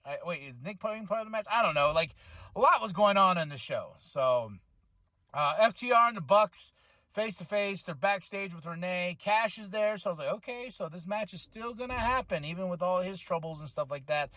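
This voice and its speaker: Excitable male podcast host, higher voice, dry close sound, casual recap that jumps into quoted voices. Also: normal speed, no echo. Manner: excitable, acts out quotes with voices, many fillers. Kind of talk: casual wrestling show recap.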